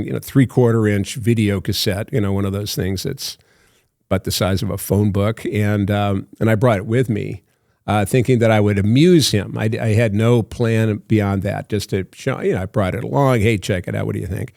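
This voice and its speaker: An older man, a podcast guest, telling a long rambling story in a halting way with many fillers, acting out old phone calls. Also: on the low side, fairly even intonation, gravelly, a little mellow, dry recording, studio quality. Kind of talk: casual storytelling.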